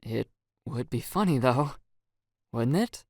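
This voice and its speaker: A man's voice: mid-range voice, animated, slow pace, a little mellow, breathy edge, dry recording, clean studio sound, heavily acted. A man voicing a teenage boy who teases his friend playfully. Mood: teasing. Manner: playful, teasing.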